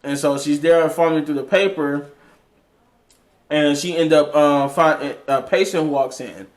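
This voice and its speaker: A man's voice: on the high side, steady tone, unhurried. Rambling man recapping a TV episode. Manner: rambling, with many restarts and fillers. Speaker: TV episode reviewer.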